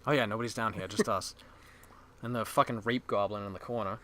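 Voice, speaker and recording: A Boston man with a bright, forward voice chats crudely and laughs at himself as he co-hosts a podcast. His talk rambles and jokes along in a relaxed back-and-forth, recorded in a basement room. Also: lowish voice, a little fast, a little hiss or hum. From Boston area. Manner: crude, self-mocking, laughs often. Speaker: podcast co-host. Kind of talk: casual chat.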